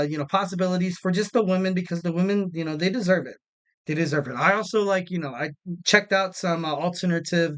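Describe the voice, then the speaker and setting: A man's voice: high-pitched, a bit bright, clean tone. Rambling young male podcast host. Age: 20s. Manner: rambling, repeats phrases for emphasis. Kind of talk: casual podcast commentary.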